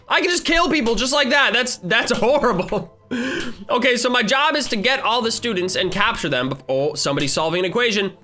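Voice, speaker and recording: A man hosting a gaming channel delivers excitable, playful gameplay commentary full of giggling and teasing. His voice is high and brisk, with soft music in the background.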